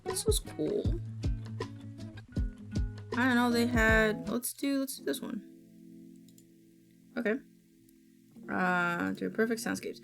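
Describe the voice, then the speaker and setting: A woman's voice: on the high side, lively intonation, slow, gravelly, long pauses. A woman streaming live, chatting casually and rambling while reading on-screen text aloud. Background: music playing.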